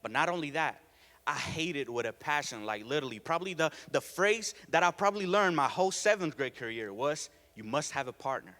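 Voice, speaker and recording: Teen guy w doing a school speech, kinda high voice, big echoey hall. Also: expressive, fairly quick, bright, forceful tone. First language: Spanish. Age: teens. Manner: earnest, emphatic, laughs between points. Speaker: student speaker. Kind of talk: prepared student talk. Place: school auditorium. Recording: long reverb of a hall.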